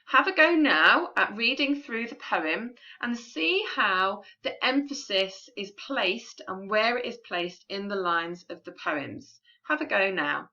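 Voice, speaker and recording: A woman teacher talks through a poem for a recorded remote lesson, patient and clear with plenty of ums. Her voice is bright and forward. The sound is a little dull and lo-fi, like a home recording. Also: medium pitch, expressive, a little slow. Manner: clear, patient classroom explaining with frequent ums.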